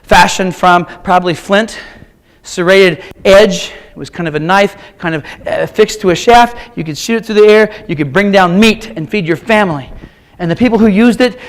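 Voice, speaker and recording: A man in his fifties delivers a humorous keynote in a high voice. He tells wry, self-mocking stories in punchy short lines, the way a teacher holds a crowd. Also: normal speed. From Kansas. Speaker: keynote speaker, art teacher.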